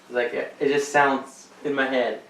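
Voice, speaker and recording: A man's voice: mid-range voice, flat delivery, moderate pace, fairly bright tone. A man co-hosting a podcast who talks bluntly and dismissively in casual chat. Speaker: podcast co-host. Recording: echoey room, mic from a distance.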